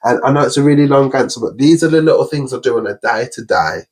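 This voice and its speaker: A man's voice: medium pitch, quick pace, a little mellow, breathy edge. Man, podcast host, earnest, upbeat, list-like talk, casual chat. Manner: earnest, upbeat, talks in long lists and affirmations.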